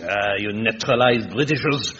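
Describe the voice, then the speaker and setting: A man's voice: on the low side, normal speed, a bit bright, slight background noise, lightly acted. An actor playing a pompous German statesman with a mock German accent and mangled English in a comedy sketch. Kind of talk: comedy sketch with live audience. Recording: lo-fi recording.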